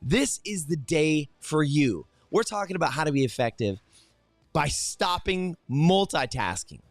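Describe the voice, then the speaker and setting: Lively, animated man hosting a morning show. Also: a little high, measured pace, no echo, soft background music. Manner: energetic, talks straight to viewers with many fillers and restarts. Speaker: host. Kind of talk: morning motivational livestream.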